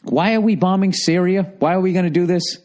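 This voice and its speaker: A man's voice: high voice, a little fast, a little mellow. A man in his forties, hosting his own podcast and ranting with heavy profanity and sarcasm in a casual solo monologue. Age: 40s. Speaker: podcast host.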